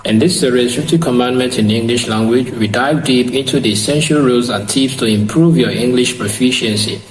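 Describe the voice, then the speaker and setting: A man teaching an English grammar lesson online, slow and repetitive, spelling words out letter by letter. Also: mid-range voice. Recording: echoey room with faint hiss.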